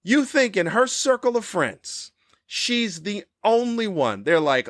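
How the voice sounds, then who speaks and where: A man in his fifties hosting a podcast, delivering a cranky comedic monologue with animated, ranting jabs. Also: slow, dry recording, clean studio sound. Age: 50s. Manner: animated, ranting, with sudden high-pitched jabs. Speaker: podcast host.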